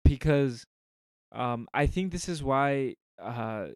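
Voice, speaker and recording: A man talks slowly and earnestly through a casual faith discussion, pausing and restarting as he gathers his thoughts. His voice comes through smooth and clear, recorded close and dry with no room sound. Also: medium pitch, lively intonation, dry recording. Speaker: podcast co-host.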